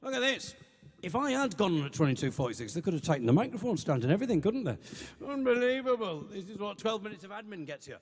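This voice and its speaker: A man performing stand-up comedy at a live venue, trading deadpan, self-deprecating banter with the audience. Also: high voice, fast. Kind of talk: stand-up comedy with comic songs. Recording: long reverb of a hall.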